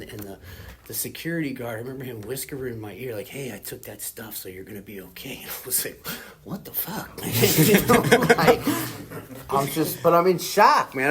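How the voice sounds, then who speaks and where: A man's voice: mid-range voice, a little hiss or hum. A man in his forties speaking at a recovery fellowship meeting. He tells his story candidly and casually, rambling with lots of "you know" and "like". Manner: candid and self-deprecating about his past. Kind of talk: personal recovery testimony.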